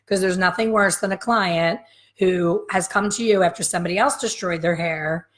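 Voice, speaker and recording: A woman's voice: fairly low pitch, normal speed. A woman in her fifties, a hair color educator giving a frank, emphatic live coffee-chat lesson straight to her viewers.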